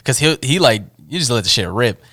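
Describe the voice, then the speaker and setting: A man's voice: medium pitch, animated, brisk, sharp tone, no echo. A man chatting with friends, telling a story loosely with lots of swearing and acted-out quotes. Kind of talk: casual chat among friends.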